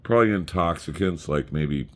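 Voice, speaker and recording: A man's voice: low voice, expressive, moderate pace. A middle-aged man casually rambling through family photos, crude and joking as he tells stories. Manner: crude, joking, profane storyteller. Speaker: vlogger showing family photos.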